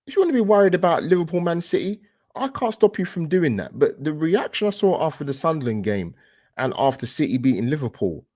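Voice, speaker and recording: A man's voice: a little high, lively intonation, a little fast, dark tone. Man ranting passionately about football. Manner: passionate, ranting, rhetorical questions. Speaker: football podcast guest. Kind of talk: casual chat.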